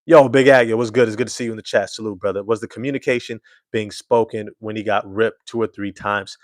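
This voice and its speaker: A man's voice: lowish voice, fairly even intonation, fast talker, no echo, studio quality. A man hosting casual live-stream sports commentary, emphatic and slangy, repeating his points.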